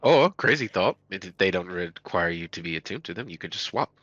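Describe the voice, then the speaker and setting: A man's voice: low voice, animated, fairly quick, a bit bright, no echo. A man playing a tabletop game with friends over a voice call, teasing and joking, on dull, lo-fi call audio. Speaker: player.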